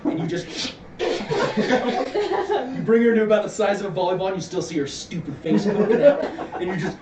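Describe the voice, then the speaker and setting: Guy dm with a high voice, keeps cracking up, far from the mic in an echoey room, noisy. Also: lively intonation, moderate pace. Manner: laughs often while narrating. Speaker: game master. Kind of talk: narrating a tabletop game. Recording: roomy distant mic with background noise.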